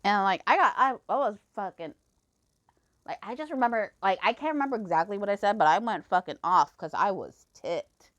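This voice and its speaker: A woman's voice: medium pitch, animated, brisk, fairly bright tone. A young woman telling a personal story in a heated, profane rant. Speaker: fan reader. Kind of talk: casual ranting storytelling.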